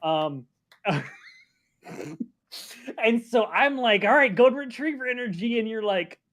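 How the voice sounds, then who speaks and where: A man's voice: very high voice, animated, measured pace, a bit bright. A man co-hosting a casual stream chat, talking in a rambling, self-reflective way and often restarting his sentences. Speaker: streamer co-host.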